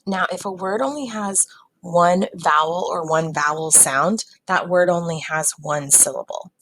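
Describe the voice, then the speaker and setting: Slow, gravelly-voiced woman teacher. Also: fairly low pitch, fairly bright tone, no room sound, rough recording. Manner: patient, slow, sounding words out. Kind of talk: recorded classroom phonics lesson.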